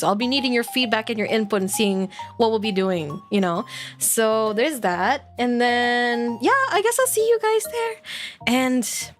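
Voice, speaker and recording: A woman streamer chatting casually and playfully with her audience, laughing often. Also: a little high. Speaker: virtual streamer. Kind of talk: casual live-stream chat. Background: faint background music.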